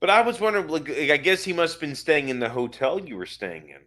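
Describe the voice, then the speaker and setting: A man's voice: fairly high pitch, expressive, fast, fairly bright tone, faint music behind. A man co-hosting a casual chat, interjecting with incredulous questions and swearing. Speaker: podcast co-host.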